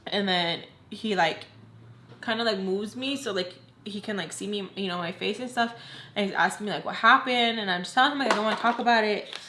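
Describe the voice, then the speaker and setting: A young woman vlogger tells a personal storytime with candid, unpolished emotion. She pads her sentences with "like" and talks at a middle pitch. The room gives her voice a noticeable echo. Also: a little fast, sharp tone, slight background noise. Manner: candid, heavy use of "like". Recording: roomy echo.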